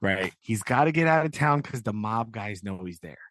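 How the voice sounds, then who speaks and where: A man's voice: on the low side, lively intonation, moderate pace, fairly bright tone, slight background noise. A man co-hosting a podcast, recapping a film in casual, rambling chat full of filler words. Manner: rambling, many filler likes. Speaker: podcast co-host.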